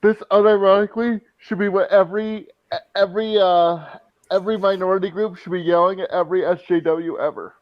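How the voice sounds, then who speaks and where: A man co-hosting a movie reaction show, joking and quoting scenes between bursts of laughter. His voice sits high for a man, and the recording is close and dry with no room sound. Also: fairly even intonation, a little fast, no room sound, dull audio. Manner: laughs often, jokes, quotes scenes. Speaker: co-host of a movie review show. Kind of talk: casual reaction chat.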